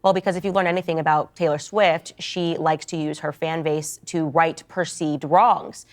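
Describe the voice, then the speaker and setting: A woman's voice: sits low, fairly even intonation, moderate pace. A woman giving opinionated commentary in an assertive, lecturing way as she walks through a story. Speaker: political commentator.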